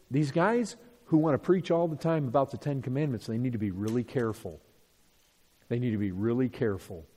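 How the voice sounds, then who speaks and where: A man with a high, strongly swinging voice teaches scripture verse by verse, hammering his points with repetition and rhetorical questions. His voice rings with a long reverb, as in a big hall. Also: mellow, slightly rough. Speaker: Bible teacher.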